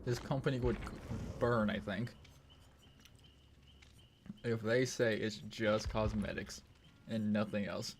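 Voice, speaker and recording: A man's voice: lowish voice, flat delivery, slow pace, pauses often, slight background noise. Male streamer, offhand chat while playing, swears a lot and circles back on himself. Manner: rambling and profane, full of "it's like". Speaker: gaming streamer. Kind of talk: casual gaming stream chat.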